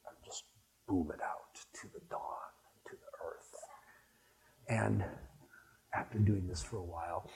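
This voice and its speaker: A man's voice: low voice, steady tone, a little slow, gravelly, pauses often, darkish tone, in a whisper, low-quality recording. An older man speaking to a spiritual gathering, rambling and anecdotal, with frequent restarts as he reminisces. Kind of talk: reminiscing talk to an audience.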